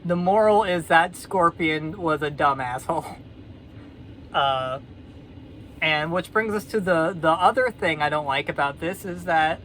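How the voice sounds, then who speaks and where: Slow-talking sardonic woman. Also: on the low side, a little hiss or hum. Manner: sardonic, rambling, deadpan asides. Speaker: vlogger. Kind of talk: casual storytelling commentary.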